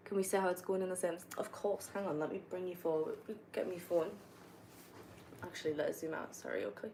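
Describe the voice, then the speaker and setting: Young woman, Northumbrian accent, casual gaming chat, rambling, lowish voice. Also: fairly even intonation, fairly quick, a little mellow, a little hiss or hum, rough recording. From North East England. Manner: chatty, rambling, laughs often. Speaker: streamer answering viewer questions.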